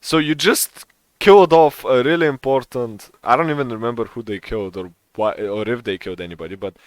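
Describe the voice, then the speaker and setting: A man's voice: medium pitch, brisk, no echo. A young man co-hosting a podcast in a casual chat, rambling, swearing and laughing often. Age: young adult. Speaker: podcast co-host.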